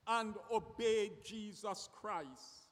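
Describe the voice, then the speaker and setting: Slow, high-voiced male preacher in a hall. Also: fairly bright tone. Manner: slow, deliberate, repeats words when searching. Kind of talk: sermon. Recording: long reverb of a hall.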